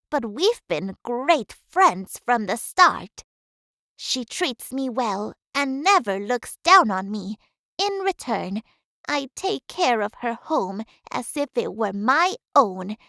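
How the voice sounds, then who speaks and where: A woman's voice: a little high, a bit bright, no echo, clean studio sound, exaggerated voice. A woman voicing a humble, talkative housekeeper in a game, speaking reflectively about her life. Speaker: housekeeper of a manor. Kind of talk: game voice acting.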